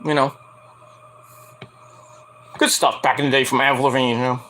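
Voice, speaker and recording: A man casually recapping a wrestling show, animated, profane and sarcastic. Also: medium pitch, moderate pace, slight background noise. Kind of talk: casual rant-style recap.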